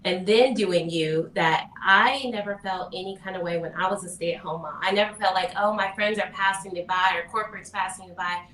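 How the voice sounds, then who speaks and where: A grown daughter speaking reflectively as a guest on a panel talk show. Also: female voice, medium pitch, fairly quick, few pauses, fairly bright tone, reverberant, distant mic, a little hiss or hum, rough recording. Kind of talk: casual panel chat.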